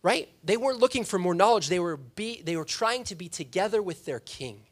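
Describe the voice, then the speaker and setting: Young guy pastor talking casual in church, kinda high voice, jokey, keeps asking "right?". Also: animated, brisk. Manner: chatty, self-deprecating, frequent "right?" asides. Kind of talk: casual conversational sermon. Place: church sanctuary.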